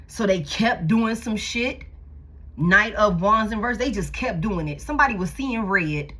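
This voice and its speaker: A woman's voice: fairly high pitch, fairly bright tone, husky. A woman giving a casual tarot reading, blunt and profane, repeating herself for emphasis. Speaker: tarot reader.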